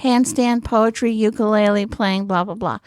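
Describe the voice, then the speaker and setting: A woman in her sixties, a comedian, telling lively stories as a podcast guest. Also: mid-range voice, normal speed, clear, resonant tone, no echo, clean studio sound. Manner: lively anecdotal storytelling, acting out quoted voices. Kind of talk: storytelling in a podcast interview.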